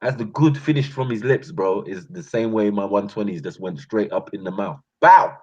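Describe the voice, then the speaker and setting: A man telling boastful street stories in a casual, slangy, animated vlog. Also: fairly low pitch, moderate pace, husky. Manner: animated, slangy, boastful, breaks into laughs and sound effects. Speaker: channel host. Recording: muffled lo-fi sound.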